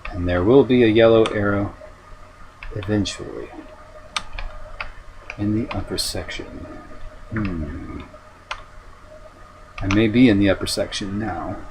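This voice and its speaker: Low-voiced man streaming a game. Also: noisy background. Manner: thinking aloud while searching, halting restarts. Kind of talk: live-stream gameplay commentary.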